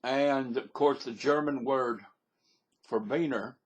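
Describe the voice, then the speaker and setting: A man's voice: medium pitch, takes it slowly, long pauses, breathy edge. A man with an American Southern accent, rambling folksily through a casual monologue into a webcam microphone. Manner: folksy and rambling, with repeated catchphrases. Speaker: vlogger.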